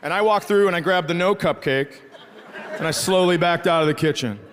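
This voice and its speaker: A middle-aged man with a notably high voice tells stand-up stories in a crude, animated way, climbing higher for the punchlines. Steady noisy room ambience runs underneath him. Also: brisk, big-room sound. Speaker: stand-up comedian. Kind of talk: stand-up storytelling.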